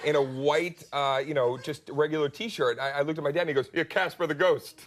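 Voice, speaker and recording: Animated man telling comic stories. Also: fairly high pitch, fairly quick, heavy background noise. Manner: animated storyteller, acts out voices, laughs often. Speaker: comedian guest. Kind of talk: talk show anecdote. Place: TV studio.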